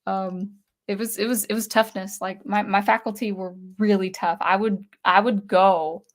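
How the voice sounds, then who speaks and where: A woman's voice: medium pitch, fairly even intonation, moderate pace. A young adult woman, a composer, thinking aloud in a casual talk to camera, with frequent restarts. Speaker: composer vlogger.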